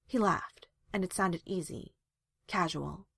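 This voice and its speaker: A woman reads a romance story aloud, measured and expressive. Her voice is breathy and fairly low, with lively rises and falls. The sound is dry and close. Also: dry recording. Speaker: fan fiction reader.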